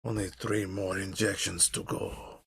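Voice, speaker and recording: A man voicing a cold, quiet torturer in a tabletop game, speaking in a hushed, flat voice. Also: low-pitched, measured pace, vocal fry, slightly rough, pitched below the performer's own voice, full character voice. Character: cold, quiet male torturer giving injections.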